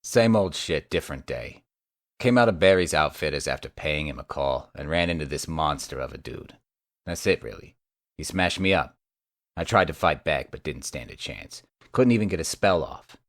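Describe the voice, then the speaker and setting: A man voicing a battered young male mage who talks in a croaky voice, blunt and profane. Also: very deep voice, animated, moderate pace, no room sound, studio quality. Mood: weary.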